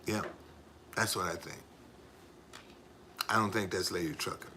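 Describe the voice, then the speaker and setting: A man's voice: low voice, fairly even intonation, a little slow, background noise. A man live streaming in a casual, rambling way, repeating himself and talking straight to his viewers. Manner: repetitive, emphatic, addresses viewers directly.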